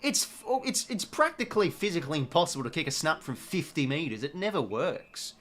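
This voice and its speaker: Excitable Australian man swearing at football. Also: a little high, brisk. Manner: excitable, swears often, shouts at players. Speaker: live watch-along streamer. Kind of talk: casual live football commentary.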